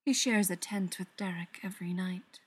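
Woman, story reader, soft voice, slips into whispers. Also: lowish voice, moderate pace, breathy edge. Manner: soft, often drops into a whisper. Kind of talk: reading a story aloud.

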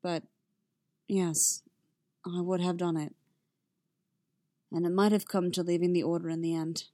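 A woman voicing a weary, troubled grown man who speaks in a low, quiet, measured way. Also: level tone, no echo, studio quality, natural voice. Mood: solemn.

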